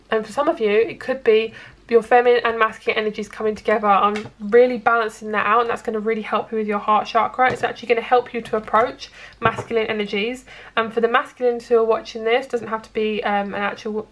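A woman's voice: fairly high pitch, fairly even intonation, fast. A woman giving a casual, reassuring tarot reading straight to her viewers. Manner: chatty, reassuring, addresses viewers directly. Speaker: tarot reader.

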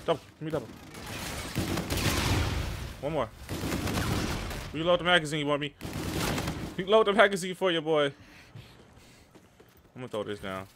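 A young man giving live, slangy, excitable commentary over his own shooter gameplay. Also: a little high, moderate pace, long pauses, noisy background. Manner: excitable, slangy, trash-talking. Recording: game gunfire behind the voice.

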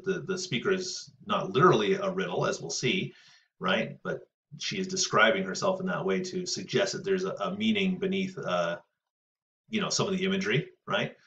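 Male teacher, low voice, casual lecturing, muffled lo-fi sound from off-mic. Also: a bit bright. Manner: casual, frequent "right?" checks and filler pauses. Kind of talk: recorded lecture on poetry. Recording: distant, muffled lo-fi audio.

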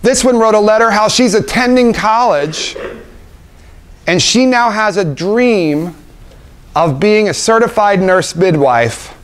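A man's voice: high-pitched, animated, slow pace. A man, an obstetrician, giving an emphatic motivational talk to a room of young parents, full of rhetorical questions and repetition. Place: conference room with audience.

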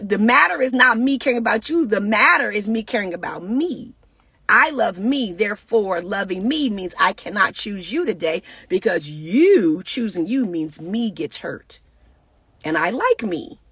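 Husky-voiced woman pastor, chatty preachy talk, dry close sound. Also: mid-range voice, a bit bright, no room sound. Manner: conversational, preacherly, talks back to listeners. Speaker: pastor and speaker. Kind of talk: casual motivational talk.

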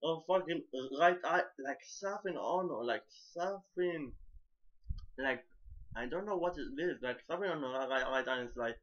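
A man's voice: on the high side, expressive, moderate pace, a bit bright. A man casually recapping an anime episode, stumbling over his words with many repeats and now and then swearing. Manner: casual and profane. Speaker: anime reviewer. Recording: dull lo-fi recording.

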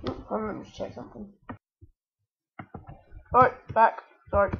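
Commentating a let's-play for her gaming channel, this woman gets excited, addresses the game directly, and yelps when danger hits. She speaks at a normal speed in a slightly high, gravelly voice, and the recording has its highs cut off.

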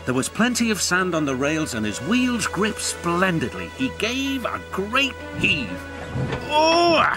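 A man reads a children's railway story with a lively, animated delivery. Clear music plays underneath his narration. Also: sits high, a little slow.

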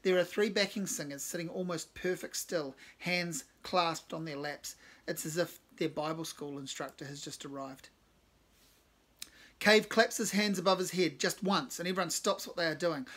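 A man's voice: high voice, fairly bright tone. A man reading his own first-person short story, with wry, self-deprecating asides.

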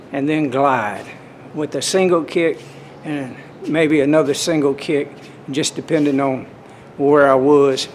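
Man in his 60s, casual vlog talk, rambling and folksy, a bit high-pitched, faint background noise. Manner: rambling, folksy, restarts often. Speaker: vlogger.

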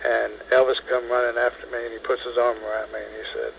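A man in his seventies, interviewed over the telephone, telling a long story in a lively way and acting out what others said. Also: medium pitch, fast, vocal fry, lo-fi sound, slight background noise. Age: 70s. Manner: lively storyteller, acts out quoted speech.

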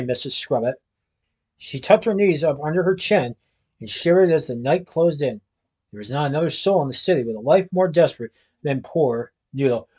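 A man reading a children's storybook aloud at a steady pace, occasionally restarting a phrase. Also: fairly high pitch. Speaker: storybook reader.

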